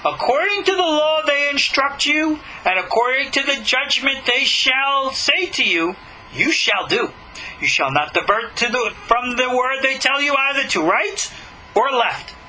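A man giving a religious teaching, asking rhetorical questions and slowing down to read scripture aloud. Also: very high-pitched, lively intonation, bright, forceful tone, slight background noise, rough recording. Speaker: Jewish teacher.

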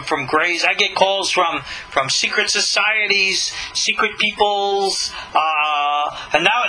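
A man giving an animated lecture as a Jewish religious teacher, commenting on scripture, with swooping emphasis and stretched key words. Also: high voice, rough recording.

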